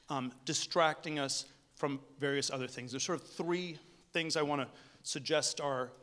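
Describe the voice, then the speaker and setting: A man giving a conference keynote speech, talking in a halting way with many restarts and fillers. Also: on the high side, fairly bright tone. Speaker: keynote speaker. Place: hotel conference room.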